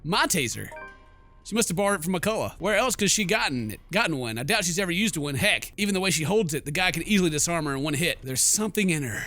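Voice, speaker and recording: A man plays through a horror game, reading its lines aloud and jokingly arguing with the characters. His voice is bright and a little high, with big swings in pitch. The whole delivery is playful and animated. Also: fast, faint music behind. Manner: animated, jokey, talks back to the game. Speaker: game commentator. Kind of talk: let's play commentary, reading game text aloud.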